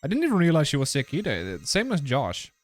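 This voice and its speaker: A man's voice: fairly high pitch, huge pitch swings, fairly quick. A man streaming a game live, chatting casually with his viewers in a rambling way, full of fillers and restarts. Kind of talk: casual live-stream chat while gaming.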